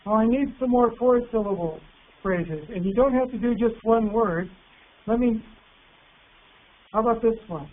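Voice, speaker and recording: A man presenting an online teacher workshop, patient and encouraging, reading words out slowly. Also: sits high. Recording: tinny phone-like line with faint hiss.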